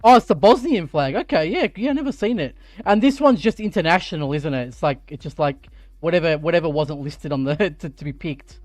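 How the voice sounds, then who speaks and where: An Australian man chatting on a live stream while sim racing, thinking out loud and getting excited. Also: on the high side, fairly quick, no echo. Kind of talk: live-stream gaming chat. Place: home sim racing rig.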